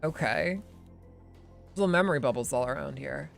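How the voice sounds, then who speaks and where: Excitable gravelly streamer voice actor. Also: male voice, mid-range voice, soft background music. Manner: excitable, swearing, quick asides. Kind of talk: casual live-stream commentary.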